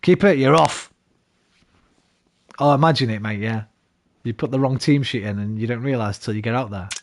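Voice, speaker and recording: A man's voice: medium pitch, normal speed. A man streaming a football management game, chatting with viewers and swearing when it goes wrong. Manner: swearing, chatty, flares into frustrated outbursts. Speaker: gaming streamer. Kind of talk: live game stream chat. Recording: noisy background.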